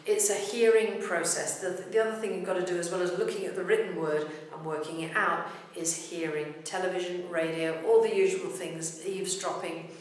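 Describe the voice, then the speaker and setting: A woman teaching pronunciation in a patient, measured way, slowing down to demonstrate words. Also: lowish voice, steady tone. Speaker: language teacher. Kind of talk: explanatory lesson. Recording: very echoey room, voice from far off.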